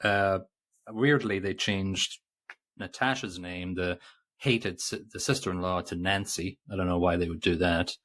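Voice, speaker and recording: Low-voiced man rambling through a movie review. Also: steady tone, measured pace, a bit bright. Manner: rambling, self-interrupting, reads quotes aloud. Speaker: podcast co-host. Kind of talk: casual movie review chat.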